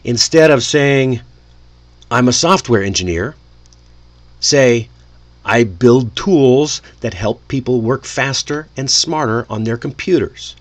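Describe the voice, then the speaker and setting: A male English teacher speaks in an unhurried, deliberate way and keeps his pitch at a middling level. He coaches his listeners in a friendly tone, with lively upward jumps in his voice. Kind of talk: relaxed spoken English lesson.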